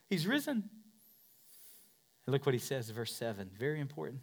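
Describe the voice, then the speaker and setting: A man preaching a sermon as a pastor, repeating phrases for emphasis and swinging from loud shouts down to hushed whispers. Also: medium pitch, huge pitch swings, a little slow, breathy edge.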